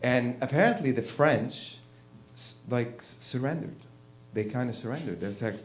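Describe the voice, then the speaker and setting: A man's voice: medium pitch, moderate pace, few pauses, slight background noise. A man performing a stand-up comedy set on a live stage, in a rambling, irreverent way. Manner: rambling and irreverent, many "you know"s.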